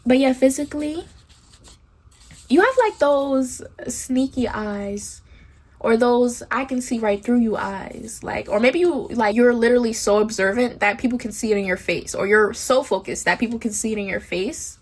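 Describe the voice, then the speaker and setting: A woman's voice: a little high, moderate pace. A woman doing a pick-a-card tarot reading, talking bluntly and candidly in a chatty way, with casual swearing. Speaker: tarot reader.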